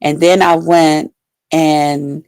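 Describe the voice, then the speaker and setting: A woman's voice: low-pitched, flat delivery, drawn-out words, a little mellow, clear, resonant tone, no room sound. A woman vlogger telling a personal story to her viewers in casual, blunt, profane talk full of fillers.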